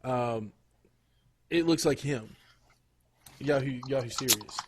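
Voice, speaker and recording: A man chatting on a podcast in a mid-range voice, neither high nor low. He rambles through his stories with plenty of pauses, restarts and searching for words. The tone stays loose and conversational throughout. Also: noisy background. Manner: rambling, lots of fillers and restarts. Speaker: podcast co-host. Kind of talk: casual chat.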